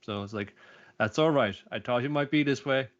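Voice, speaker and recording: A man's voice: mid-range voice, moderate pace. A man co-hosting a podcast, rambling as he retells scenes in put-on voices. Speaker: podcast co-host. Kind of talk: casual chat about anime. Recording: dull lo-fi sound.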